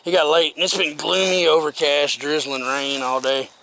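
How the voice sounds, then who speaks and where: A man's voice: fairly high pitch, little pitch movement, moderate pace, pushed and bright, a little hiss or hum. A man vlogging in a casual, folksy and earnest way, out of breath after working. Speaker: outdoor vlogger. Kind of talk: casual vlog talk.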